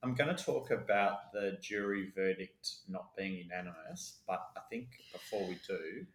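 A man's voice: sits low, normal speed, slight background noise. A man who hosts and steers a casual discussion in an easygoing way. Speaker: host. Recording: roomy echo.

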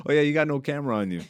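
A man hosting a casual comedy podcast, laughing, swearing and joking, high and relaxed. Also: clean tone, dry recording. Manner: animated, swearing, laughing a lot. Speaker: podcast host.

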